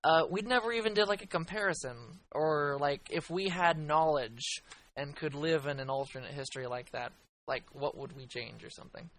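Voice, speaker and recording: A man co-hosting a casual podcast chat, talking in excitable, rambling bursts full of restarts. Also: fairly high pitch, normal speed, a little hiss or hum, poor audio. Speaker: podcast co-host.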